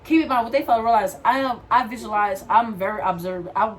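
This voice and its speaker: Young woman vlogger, slightly high voice, loud and animated, chatty storytime delivered straight to viewers. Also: quick pace. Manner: animated, talks straight to viewers, calls them "y'all"; loud, says she has a loud mouth. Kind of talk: casual storytime while doing her hair.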